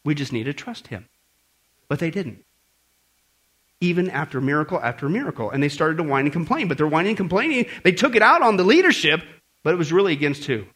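A man's voice: on the high side, sing-song, fast talker, fairly bright tone, breathy edge. A man preaching a conversational sermon to a congregation, full of rhetorical questions. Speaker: pastor. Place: church service before a congregation.

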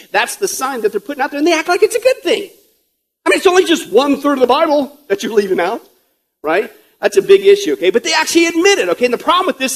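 A man preaching a sermon as pastor, joking and conversational with rhetorical asides, and growing emphatic and urgent. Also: high voice.

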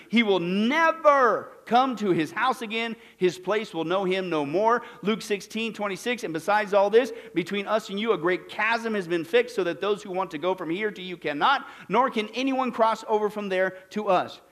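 Male preacher, high voice, emphatic Bible teaching with questions to the crowd. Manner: emphatic, asks the audience questions. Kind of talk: sermon-style Bible teaching.

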